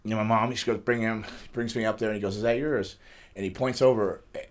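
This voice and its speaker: A man's voice: fairly low pitch, steady tone. A middle-aged man, a pro wrestler, telling rambling life stories in a casual studio interview. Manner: fast, rambling storytelling with frequent restarts and laughs.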